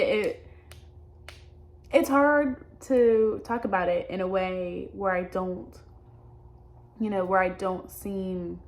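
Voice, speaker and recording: A young adult woman talking openly in a personal vlog, halting and hesitant, often restarting her sentences. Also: medium pitch. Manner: earnest and open. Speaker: vlogger.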